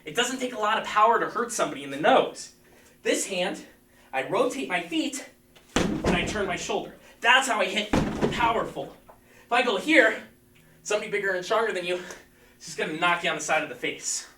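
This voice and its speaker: A man's voice: high voice, lively intonation, fairly quick, background noise. A man teaching a live-streamed martial arts class, coaching energetically and calling out counts. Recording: echoey room, mic at a distance.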